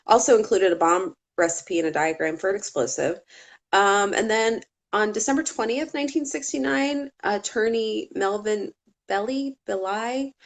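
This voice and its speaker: Chatty woman telling a true-crime story. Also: mid-range voice. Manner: chatty, laughing asides, swearing. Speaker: podcast co-host. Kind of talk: casual true-crime chat.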